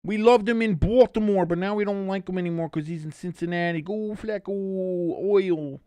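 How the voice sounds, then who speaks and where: A man's voice: sits high, steady tone, fast, mellow, clear, resonant tone, dry recording. A young man casually commenting on a football game live for a stream, reading chat aloud and swearing freely. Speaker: watch-along streamer.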